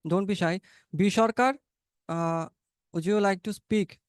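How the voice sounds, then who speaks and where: A man's voice: high voice, unhurried, smooth, dry recording, clean studio sound. A man hosting an online conversation-practice webinar, who encourages participants and invites them by name to speak. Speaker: webinar host.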